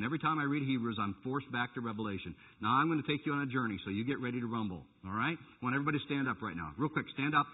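A male pastor preaching a sermon in church, animated and teasing his congregation now and then. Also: mid-range voice, a little hiss or hum. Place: church sanctuary. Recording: tinny phone-like church recording.

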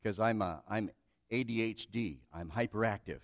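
A middle-aged man preaching a sermon, telling stories with self-deprecating humor and swinging between hushed and loud passages. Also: lowish voice, normal speed, dry recording. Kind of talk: sermon with storytelling.

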